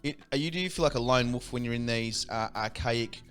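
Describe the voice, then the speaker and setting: A man hosting a casual radio conversation. He speaks at a middle pitch, chats easily, and laughs often with his guest. Light music sits faintly underneath. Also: a little fast, fairly bright tone. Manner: laughs often, chatty and encouraging. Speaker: radio host.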